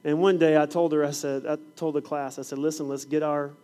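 A middle-aged preacher and fifth grade science teacher speaks a little fast, his voice on the high side. His sermon runs on classroom stories, and he animatedly acts out the scenes.

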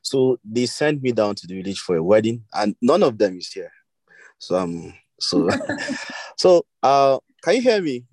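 A man with a lowish voice speaks haltingly on a phone in a video call, circling back over his words as emotion catches up with him. The sound is close and dry, with no room around it. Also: sing-song, darkish tone, no room sound, rough recording. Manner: halting, emotional, repeats himself. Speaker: guest speaker, author's brother. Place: village, weak network.

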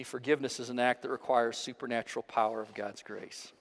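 A man's voice: medium pitch, steady tone, brisk, few pauses, in a large hall. A male pastor giving an earnest, emphatic sermon. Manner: earnest, emphatic, preaching with strong rising stresses.

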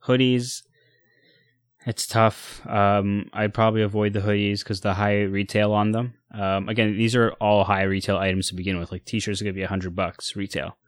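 A man co-hosting a casual chat about sneakers and streetwear, relaxed, with lots of fillers and restarts. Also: lowish voice, normal speed, dry recording, studio quality. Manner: relaxed, many fillers and restarts, giving buying advice.

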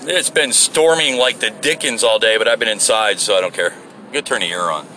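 A man with a bright, gravelly voice rambles to himself from inside his car, swearing freely and cracking jokes. A faint hum of air conditioning and road noise sits behind him. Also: lowish voice, brisk. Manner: profane, joking, talks to himself. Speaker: solo show host. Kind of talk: rambling casual monologue while driving.

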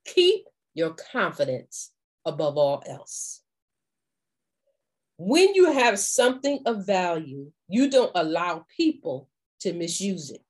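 A woman giving a faith-based motivational talk as a confidence coach, acting out little dialogues in an animated way. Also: lowish voice, slow.

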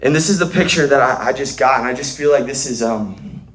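A man's voice: medium pitch, a little fast, a bit bright, echoey room, poor audio. A man preaching a sermon at a church gathering, earnest, often restarting and repeating words.

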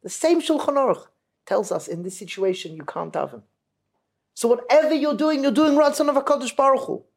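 Man doing a joyful old rabbi, high and forceful, exhorting. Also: expressive, fairly quick, vocal fry, exaggerated voice. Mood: fervent. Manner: rising, impassioned exhortation. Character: pious old Hasidic rabbi, fervent and joyful.

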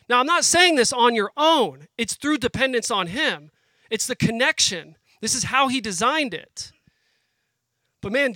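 A man's voice: very high voice, bright, forceful tone, no echo. A man in his thirties preaching a sermon, earnest and conversational, getting emotional as he speaks to the crowd. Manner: emotional, pauses and restarts as he speaks. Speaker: guest speaker at a family worship program.

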